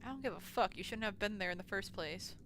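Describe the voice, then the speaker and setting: A woman reading aloud for a blunt, suspicious young male artist, in a flat and quiet way, over a noisy recording. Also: mid-range voice, fast. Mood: cold.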